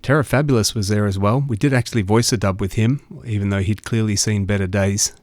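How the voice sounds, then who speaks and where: An Australian man narrates a radio segment in an easygoing storytelling manner. His voice sits low. The recording is dry and close. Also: fairly even intonation, fast, a little mellow, no echo. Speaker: radio show host. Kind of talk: scripted narration.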